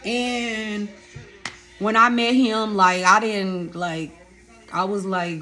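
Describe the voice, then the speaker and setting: Woman in her thirties, storytelling vlog, animated and direct with her viewers. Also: mid-range voice, slow pace, faint music behind. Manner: animated, addresses viewers as y'all and baby. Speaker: vlogger telling her life story.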